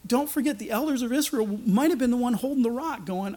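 A man preaching a sermon, animated and sarcastic, acting out the lines he quotes. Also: very high voice, quick pace. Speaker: pastor.

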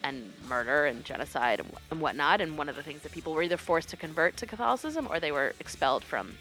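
Woman, podcast co-host, low voice, casual explanatory chat, faint music behind. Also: animated, fast, a bit bright. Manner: chatty, explanatory, laughs easily.

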